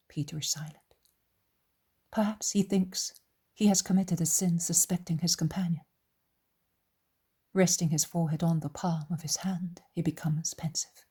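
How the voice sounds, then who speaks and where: A woman narrating an audiobook in a soft whisper, very slow and hushed. Her voice is heavily breathy and airy and sits somewhat low. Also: steady tone. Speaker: audiobook reader.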